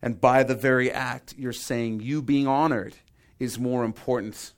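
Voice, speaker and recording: A man preaching a sermon, earnest and emphatic, who slows right down to stress key words and acts out quoted voices with humor. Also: mid-range voice, steady tone.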